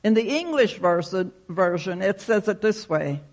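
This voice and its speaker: Preacher guy w a high gravelly voice, slow folksy storytelling. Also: lively intonation. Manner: folksy storytelling, acts out shouted quotes. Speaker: pastor. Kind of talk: sermon with a joke and prayer.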